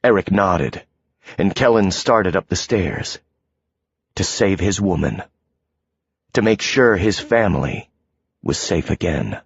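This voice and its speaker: A man narrates an audiobook in a measured, deliberate voice, slow and a little low. His tone is husky. The recording is dry and slightly dull. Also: animated, dry recording. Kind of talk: scripted narration.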